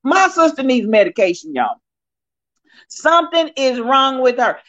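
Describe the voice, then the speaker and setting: A middle-aged woman livestreaming from her phone indoors, talking in a preachy, animated way and calling out to her viewers. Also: high-pitched, unhurried, dull audio. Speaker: livestream host. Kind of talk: casual live-stream commentary. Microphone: phone propped up.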